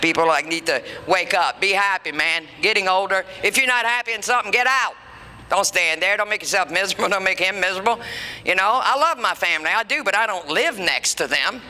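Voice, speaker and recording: A brassy woman in her fifties works a comedy club stage, spinning bawdy stories with a lively, swooping delivery. Her voice carries a long club reverb over a steady bed of room noise. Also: mid-range voice, brisk. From Louisiana. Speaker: stand-up comedian. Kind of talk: stand-up comedy set.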